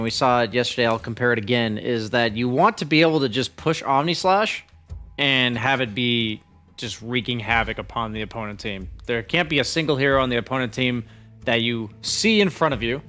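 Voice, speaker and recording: Measured male draft analyst. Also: medium pitch, fairly bright tone, soft background music. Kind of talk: analyst desk discussion.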